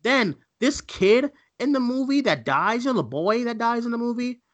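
A man's voice: very high-pitched, moderate pace. A man co-hosting a casual movie podcast, ranting and mimicking voices as he talks. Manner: animated, ranting, mocking voices. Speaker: co-host.

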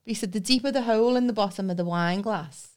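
A woman's voice: medium pitch, fast talker. Chatty Liverpool woman telling stories. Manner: animated storyteller who acts out voices. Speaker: podcast co-host. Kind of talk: casual chat, storytelling.

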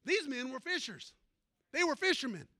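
High, bright-voiced man preaching. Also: big pitch swings, normal speed. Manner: folksy storytelling preacher, calls to the congregation. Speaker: pastor. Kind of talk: sermon.

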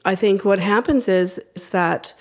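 A woman's voice: medium pitch, measured pace. A woman in a casual group discussion, laying out long reflective arguments. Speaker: panelist.

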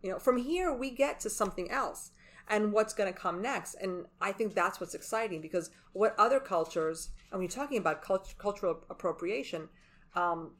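A woman co-hosting a casual podcast conversation. She talks emphatically, and her voice leaps up in pitch when she makes a point. She sounds animated and opinionated. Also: moderate pace. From Latin American heritage. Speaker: podcast co-host. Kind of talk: casual chat.

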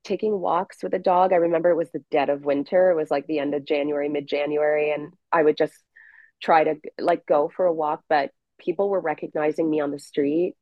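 Guest spot: a woman in a low voice recounting a rough stretch, halting and emotional, on a dull, dry call line. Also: level tone, dry recording. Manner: halting, with restarts and trailing pauses. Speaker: podcast guest. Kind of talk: emotional personal story.

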